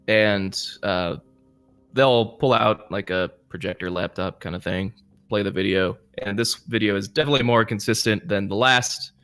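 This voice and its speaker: A man's voice: on the low side, moderate pace, a bit bright, clean tone, soft background music. A man narrating as game master of a tabletop role-playing game in a casual manner with fillers. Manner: casual narration with fillers, voices characters inline.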